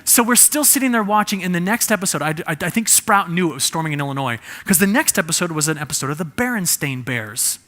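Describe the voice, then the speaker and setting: Jokey guy giving a talk, quizzes the crowd, pretty bright forceful voice. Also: sits high, expressive, quick pace, few pauses. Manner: jokey, quizzes audience with shows of hands. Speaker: presenter. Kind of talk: humorous presentation to an audience.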